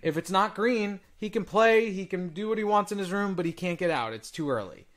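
Male co-host, thirties, higher-pitched, chatty dad storyteller. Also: a little fast. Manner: animated storyteller, mimics his kids. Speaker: podcast co-host. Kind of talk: casual chat.

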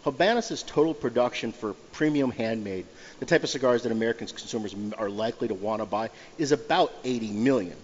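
A man's voice: medium pitch, fast, a little hiss or hum. A man in his fifties telling a story animatedly as a guest in casual podcast chat, laughing often. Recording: dull sound in a reverberant room.

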